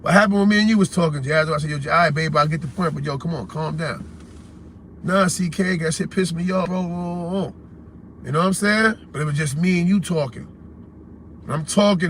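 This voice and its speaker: Confrontational New York man, bright voice. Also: high-pitched, slight background noise. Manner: blunt, confrontational, streetwise slang. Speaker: host of a call-in livestream. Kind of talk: heated casual livestream rant.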